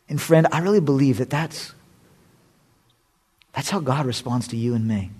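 A middle-aged man preaching a sermon as a pastor, impassioned, swinging between loud and hushed. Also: medium pitch, moderate pace, long pauses, husky.

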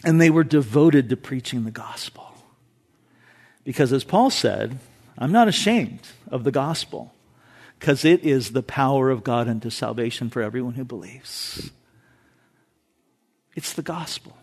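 A male pastor preaching a sermon, moving from calm, conversational asides with easy laughs to loud, fervent peaks. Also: medium pitch, measured pace, pauses often.

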